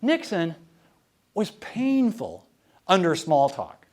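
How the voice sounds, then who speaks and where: A man with a notably high voice lectures on history to a live audience. He talks conversationally and wryly, weaving anecdotes into his talk. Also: huge pitch swings, slow pace. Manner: wry, conversational, storytelling.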